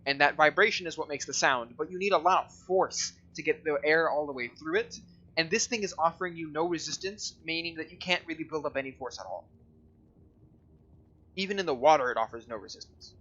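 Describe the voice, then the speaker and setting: Bright-voiced man running a tabletop game. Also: on the high side, brisk, muffled recording. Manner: explanatory, descriptive, hesitant with fillers. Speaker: game master.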